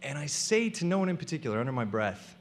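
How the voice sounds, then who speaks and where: A young man spins a funny personal story for a live crowd, his voice sitting a little high and swinging widely in pitch. He plays out the people he quotes, with a faint hum of the room behind him. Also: fast. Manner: animated, comic, acts out the people he quotes.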